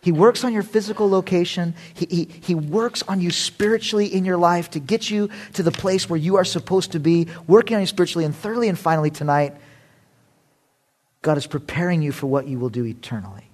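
A male pastor preaching a storytelling sermon in an animated, conversational way, with self-deprecating humor. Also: high-pitched, brisk.

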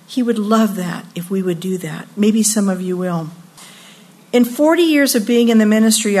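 A woman in her sixties giving a sermon at a women's retreat, expressive and acting out voices when she quotes people. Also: mid-range voice, husky.

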